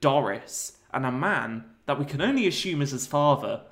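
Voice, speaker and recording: A man's voice: mid-range voice, lively intonation, normal speed, fairly bright tone. A man co-hosting a comedy podcast, rambling through a made-up film plot with frequent laughter. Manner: rambling storyteller, laughs often. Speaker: podcast co-host. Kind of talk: casual comedic chat.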